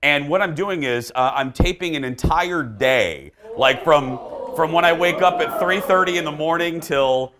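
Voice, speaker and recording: A man's voice: fairly high pitch, moderate pace, fairly bright tone. A man hosting a talk show, telling a story in casual chat and acting out the dialogue.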